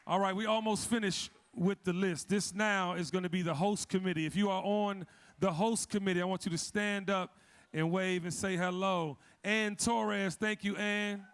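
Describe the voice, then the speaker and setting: Emcee: joking man, high gravelly voice, live event roll call. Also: fairly even intonation, moderate pace. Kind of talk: live event shout-outs. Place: event hall with audience.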